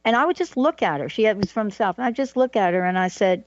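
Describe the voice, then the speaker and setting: A woman's voice: medium pitch, expressive, fast, few pauses, no room sound, lo-fi sound. A woman co-hosting a radio talk show, telling stories and affirming her guest. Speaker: co-host.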